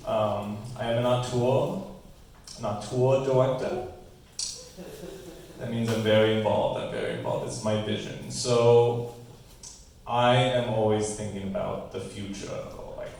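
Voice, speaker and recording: A comedian on a live comedy stage, playing a pompous, self-satisfied male TV auteur with a slow, deadpan manner. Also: medium pitch, slight background noise, natural voice. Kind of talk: live stand-up character bit. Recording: echoey club room, voice from far off the mic.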